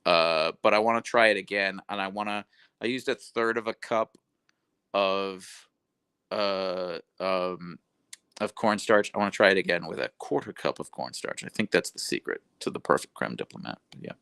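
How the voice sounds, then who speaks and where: A man's voice: deep voice, moderate pace, gravelly, sharp tone, smooth, no echo. A young adult man hosting a casual livestream, rambling and correcting himself as he reads chat messages aloud. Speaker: livestream host. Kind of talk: casual live-stream chat.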